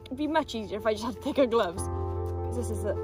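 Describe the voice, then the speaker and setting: A woman's voice: on the high side, fairly quick, music in the background. A woman chatting casually and self-deprecatingly in a vlog at her outdoor allotment. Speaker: allotment vlogger. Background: birdsong and outdoor ambience.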